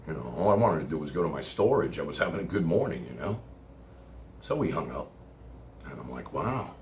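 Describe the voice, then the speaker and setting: A Brooklyn man with a thick New York accent holds forth on his livestream, his lowish voice leaping up into loud bursts and dropping to mutters. He curses freely and rambles. The room rings with echo, with a faint hiss of noise behind him. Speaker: live streamer. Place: home room, seated in chair.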